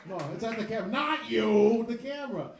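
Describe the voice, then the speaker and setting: A man's voice: very high-pitched, brisk, vocal fry, echoey room. A man hosting a comedy show in a bar, loosely signing off with repeated "all right" and "cool.". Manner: loose, repetitive sign-off talk. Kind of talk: stand-up show closing. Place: bar stage before a live audience.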